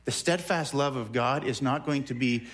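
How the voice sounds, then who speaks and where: A man's voice: mid-range voice, moderate pace, a bit bright. A man preaching a sermon in a conversational way, often repeating words as he works through a thought. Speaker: pastor.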